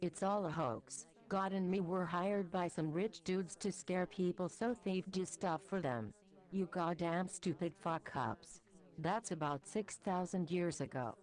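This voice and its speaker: A woman voicing a small, crude, hot-tempered male goat devil who swears a lot, in a lowered gruff voice. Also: measured pace, a little mellow, natural voice. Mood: furious.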